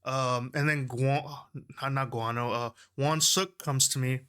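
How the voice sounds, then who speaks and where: A young man tells a concert story in a casual vlog, animated and laughing, leaping into high, excited voices when he quotes people. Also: unhurried, clean tone. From Houston, Texas. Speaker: concert-going fan.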